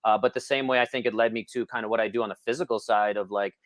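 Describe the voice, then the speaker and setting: Low-voiced male podcast host, dry sound. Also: steady tone, rapid-fire, no echo. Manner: storytelling, self-deprecating, many fillers. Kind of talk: casual interview chat.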